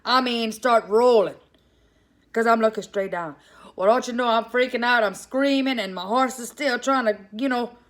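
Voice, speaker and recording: A woman with a Cajun Louisiana accent telling a comic story in a casual, animated way, calling her listeners "y'all". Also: a little high, moderate pace.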